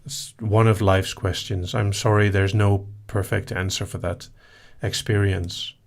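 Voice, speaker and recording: A man hosting a live session, reading listener questions aloud and answering them in a relaxed, casual way. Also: lowish voice, measured pace, vocal fry. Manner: relaxed, reads out questions then answers briefly.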